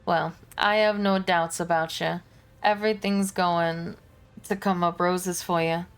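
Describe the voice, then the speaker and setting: A tired, tender-hearted psychic companion, as a woman voices her in a put-on accent. Her delivery is wistful and emotional, with a slightly low voice. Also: steady tone, measured pace, clean tone. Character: weary, sentimental female psychic companion.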